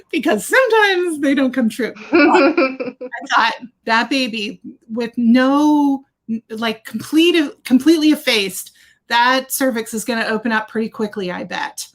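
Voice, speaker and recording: A middle-aged woman doula tells a story in relaxed conversation. Her voice sits a little high. She is animated and acts out the voices of the people she quotes. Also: unhurried. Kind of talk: casual chat.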